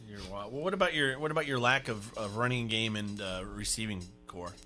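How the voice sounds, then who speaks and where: A man's voice: lowish voice, brisk, pushed and bright, soft background music. A man hosting a sports radio debate, needling and teasing his guest with laughing jabs.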